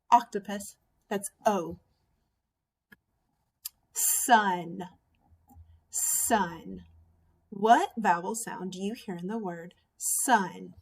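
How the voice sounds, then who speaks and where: Woman, first grade teacher, phonics lesson, very slow pace, carefully sounded-out vowels. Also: medium pitch, lively intonation.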